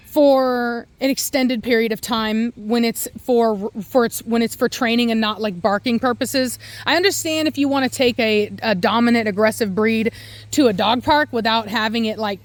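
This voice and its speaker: Blunt, exasperated high-voiced woman. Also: no room sound. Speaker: dog breeder and trainer. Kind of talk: opinionated commentary rant.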